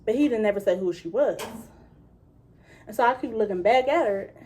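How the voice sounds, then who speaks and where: A woman's voice: mid-range voice, moderate pace, slight background noise. Young woman telling a casual, profane story. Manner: casual, profane, animated retelling with quoted voices. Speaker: vlogger. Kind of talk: storytime vlog.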